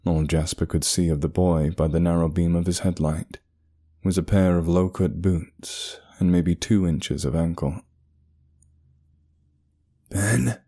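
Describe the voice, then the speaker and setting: A man narrating a horror story in a measured, ominous way. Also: deep voice, warm tone. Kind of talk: scripted narration. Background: faint music.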